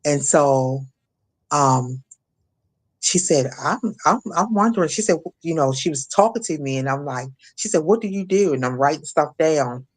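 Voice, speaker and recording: A middle-aged woman from Maryland, USA, with a deep voice and lively intonation, speaks as an interview guest. She gives emotional personal testimony, telling a painful story in a halting way, with frequent restarts and fillers.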